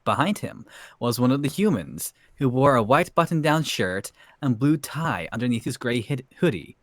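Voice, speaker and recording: A man's voice: mid-range voice, very animated, moderate pace, no echo, studio quality. A man reading fanfiction aloud to friends, with playful asides and laughing between lines. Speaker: fanfiction reader.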